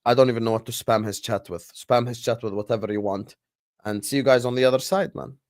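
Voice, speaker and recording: A man's voice: medium pitch, steady tone, fast, darkish tone, dry recording, clean studio sound. A man hosting a casual football livestream, chatting with viewers and slipping in Arabic phrases. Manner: chatty, talks to the chat, switches into Arabic phrases. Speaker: football stream host.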